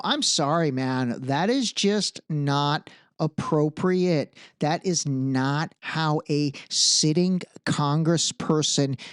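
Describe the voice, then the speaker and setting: A man hosting a podcast, giving casual solo commentary in an animated, emphatic way with frequent asides. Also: on the high side, no room sound, clean studio sound. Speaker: podcast host.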